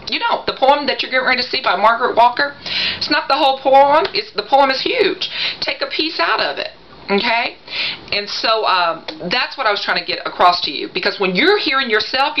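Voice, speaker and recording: A woman's voice: medium pitch, pushed and bright, highs cut off, a little hiss or hum. A middle-aged woman talking casually to camera, a mother giving her daughter coaching advice with teasing asides and lots of fillers. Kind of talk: casual vlog monologue.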